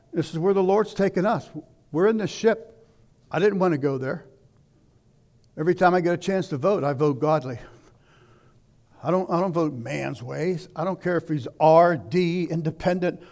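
An older man preaching a sermon, swinging between loud declaiming and hushed asides. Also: fairly high pitch, moderate pace.

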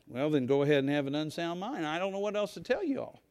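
A middle-aged male pastor preaching a sermon in a folksy, conversational way, talking straight to his congregation and sometimes rising to a shout. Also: fairly high pitch, big pitch swings, fast talker, no room sound.

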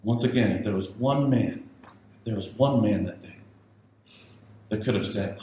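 Male pastor, low-ish voice, emphatic sermon delivery, very reverberant sanctuary. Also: a little slow, long pauses, warm tone. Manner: emphatic preaching with repetition, rising to raised urgency. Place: church sanctuary. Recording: very echoey church with faint hiss.

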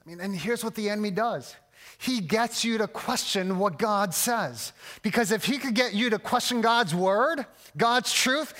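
A man's voice: sits high, pushed and bright. A man preaching a sermon as pastor, earnest and emphatic, often restarting his words.

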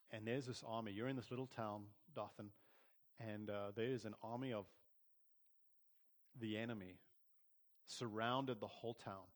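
A man preaching a sermon in an earnest, conversational way, often restarting his words. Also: mid-range voice. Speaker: pastor. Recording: long hall reverb.

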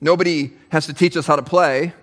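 A man preaching a sermon as pastor, animated and emphatic, with touches of humor. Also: fairly high pitch, brisk, long reverb tail.

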